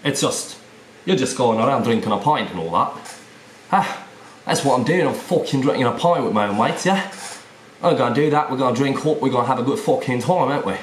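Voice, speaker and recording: A man's voice: mid-range voice, expressive, fairly quick, natural voice. A man putting on a British accent to play a rowdy, swearing young pub lad who keeps adding tag questions. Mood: boisterous. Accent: British, put on. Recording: roomy echo, faint hiss.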